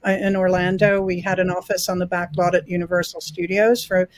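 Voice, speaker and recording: A woman's voice: on the low side, level tone, fairly quick, dry recording. A woman in her sixties from New York who grew up in England, answering interview questions in a conversational way with frequent restarts and easy laughter. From New York, raised in England. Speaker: film festival founder.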